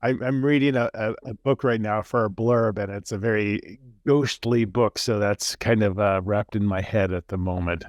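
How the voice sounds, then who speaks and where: A man's voice: lowish voice, steady tone, moderate pace, hardly any pauses, dry recording. Stammering friendly man hosting an interview. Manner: friendly, stammering restarts, curious questions. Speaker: podcast host and author. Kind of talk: casual interview chat. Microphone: video call.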